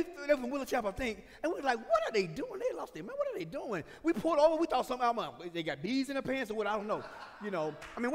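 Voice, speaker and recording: A man preaching a sermon as pastor, swinging from shouted points to chatty asides with the congregation. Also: very high voice. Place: church sanctuary. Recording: reverberant church sanctuary.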